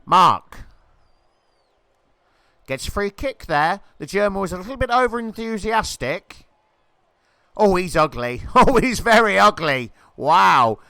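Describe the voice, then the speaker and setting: A man calls a video game football match in a playful commentator's patter, jumping to excited shouts when the ball nears the goal. His voice sits high and comes across crisp and smooth. The recording is close and dry, with no room sound. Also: takes it slowly, pauses often, no room sound. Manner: jokey, rises to excited shouts at near misses and goals.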